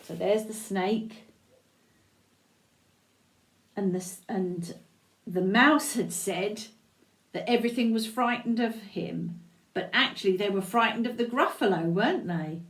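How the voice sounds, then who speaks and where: An older woman reading a picture book aloud to children, stopping to chat and ask them questions. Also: mid-range voice. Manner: expressive, pauses to chat and ask the listener questions.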